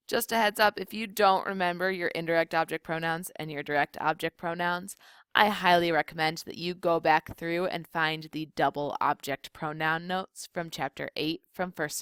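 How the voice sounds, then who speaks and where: A young woman teaching a recorded video lesson, explaining rules clearly and slowing down on key points. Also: fairly low pitch, fairly bright tone, dry recording, clean studio sound. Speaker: Spanish teacher.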